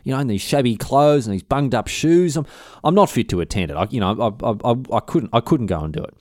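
A man's voice: mid-range voice, expressive, fast talker, darkish tone, no room sound, clean studio sound, lightly acted. A man voicing a shifty, whiny male schemer, mumbling and hesitant. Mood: pleading.

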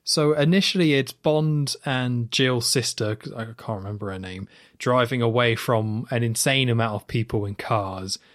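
A man's voice: mid-range voice, normal speed. Chatty man co-hosting a podcast. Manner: animated, talks in long run-on stretches with many "like"s. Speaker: podcast co-host. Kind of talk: casual film-review chat.

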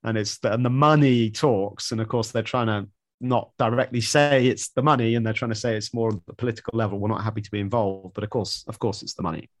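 A man's voice: mid-range voice, fast talker, no room sound, studio quality. A man co-hosting a casual news chat, thinking aloud with repeated words and a wry tone.

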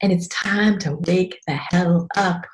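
A woman's voice: on the low side, steady tone, unhurried, a little hiss or hum. A middle-aged woman giving a candid motivational talk, emphatic and swearing freely as she slips into quoted voices. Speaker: speaker addressing an audience.

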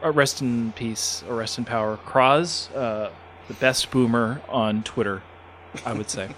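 A man co-hosting a podcast in easygoing casual chat, chuckling often and pausing on fillers. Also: medium pitch, a bit bright, a little hiss or hum. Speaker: podcast co-host.

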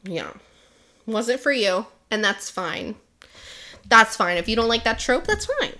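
Bright-voiced woman chatting about books. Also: on the high side, expressive, measured pace. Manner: rambling, laughs often, lots of fillers. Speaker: podcast co-host. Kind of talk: casual chat, book recommendation.

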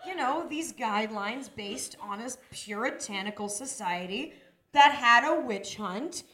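Bright, animated woman guest. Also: a little high, a little slow. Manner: animated, joking storytelling with acted-out voices. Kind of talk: live comedy podcast chat. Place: stage before a live audience.

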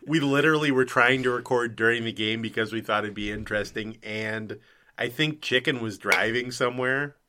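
A man's voice: medium pitch, fairly quick, bright, forceful tone, slight background noise. A man co-hosting a sports podcast, wry and self-deprecating. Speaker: podcast co-host. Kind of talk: casual sports banter.

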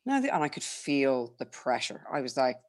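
Irish woman, young adult, animated storyteller acting out the other voices, laughs a lot. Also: very deep voice, normal speed. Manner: lively storyteller acting out quotes, laughs often. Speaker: podcast guest telling a birth story. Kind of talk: casual chat.

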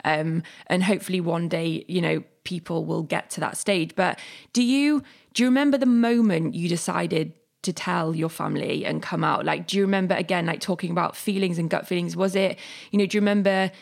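A woman's voice: fairly low pitch, fairly quick, gravelly, hardly any pauses. A woman hosting a podcast, asking long, searching questions with plenty of fillers. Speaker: podcast host. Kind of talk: interview questions.

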